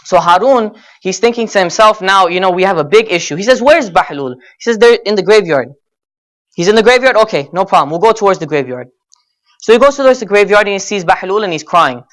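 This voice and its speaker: Addressing a Muharram gathering, a young man delivers an earnest, direct sermon, calling the audience brothers and sisters and peppering his story with "you know." He sounds high-pitched, animated and brisk, with a fairly bright tone.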